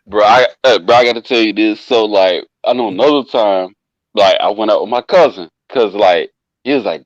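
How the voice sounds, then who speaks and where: A man's voice: on the low side, a little fast, dry recording. A man casually telling a long, profane party story to a friend, acting out what people said. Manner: animated, profane, acts out quoted voices. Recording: dull lo-fi dry sound.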